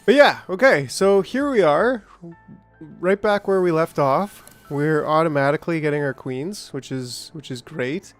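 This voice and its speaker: A man's voice: a little high, expressive, unhurried, no echo, faint music behind. Chatty man streaming a factory game. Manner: rambling, chatty, greets viewers by name. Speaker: gaming streamer. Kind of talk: casual let's-play commentary.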